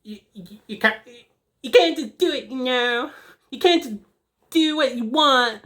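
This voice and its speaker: A woman's voice: high-pitched, unhurried, a bit bright. A woman playing a sassy rambling teen schoolgirl. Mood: indignant. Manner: rambling, peppered with "like", emotional. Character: sassy, dramatic teenage schoolgirl. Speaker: comedic character. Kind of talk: comedic character monologue.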